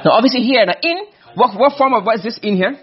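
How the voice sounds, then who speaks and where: An Arabic rhetoric teacher lectures a class, firing questions at his students and repeating himself as he explains. His voice is extremely high, expressive, husky and quick. The sound is lo-fi.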